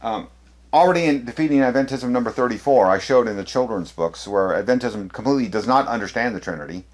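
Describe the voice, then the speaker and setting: A man's voice: mid-range voice, lively intonation, quick pace. A man presenting an apologetics video, walking through on-screen documents with sarcastic, emphatic delivery. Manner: sarcastic, emphatic, leans hard on key words. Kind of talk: critical lecture over on-screen documents.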